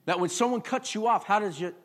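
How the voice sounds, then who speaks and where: Pastor, male, fairly high voice, casual preaching style, climbs to loud emphatic peaks. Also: fast. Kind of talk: sermon. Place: church before a congregation.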